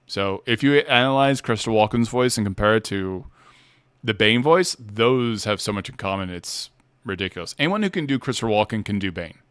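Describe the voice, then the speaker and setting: A man's voice: lowish voice, animated, brisk, fairly bright tone, smooth, dry recording. A man hosting a casual livestream chat who talks playfully and laughs often. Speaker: host.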